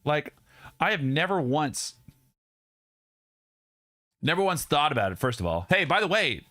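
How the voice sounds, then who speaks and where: Animated, loose-talking young man streamer. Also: fairly high pitch, a little slow. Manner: loose, profane, rambling with many restarts. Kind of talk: casual live stream chat. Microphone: studio dynamic mic.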